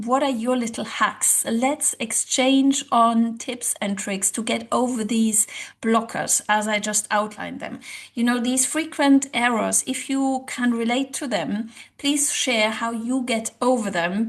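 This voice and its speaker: A woman language coach explaining to camera, direct and encouraging, with rhetorical questions and frequent "kind of" fillers. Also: fairly high pitch. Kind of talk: educational talk to camera.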